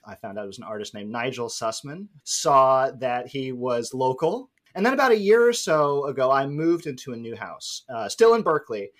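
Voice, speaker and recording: A man's voice: medium pitch, moderate pace, hardly any pauses. A man co-hosting a quiz podcast, telling a long casual story and acting out his own past remarks. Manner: rambling, animated quoting of himself. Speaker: podcast co-host.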